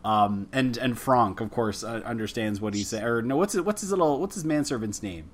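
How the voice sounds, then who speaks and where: A man's voice: mid-range voice, expressive, fairly quick. A man hosting a film podcast, chatting casually with a guest in a rambling, self-deprecating way with frequent restarts. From Canada. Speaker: podcast host. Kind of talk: casual interview chat.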